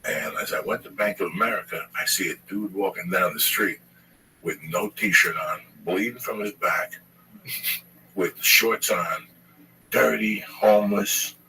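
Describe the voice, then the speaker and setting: Male, loose foul-mouthed storyteller, forceful edge, low pitch, recorded from a distance. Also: measured pace. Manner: rambling, profane, animated storyteller. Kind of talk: casual storytelling chat. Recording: distant mic with faint noise.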